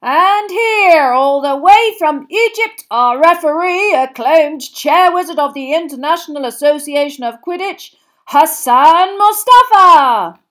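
A booming male sports announcer calls the action at full volume, his voice pushed high with excitement. A woman reader puts him on. He draws out the big moments and fires off names one after another. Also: a little slow. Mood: excited. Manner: shouting, drawn out for effect.

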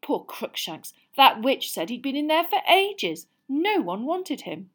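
A woman reading aloud, voicing an earnest, bossy teenage girl witch who speaks briskly and insistently. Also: sits high, very animated, pitched above the performer's own voice.

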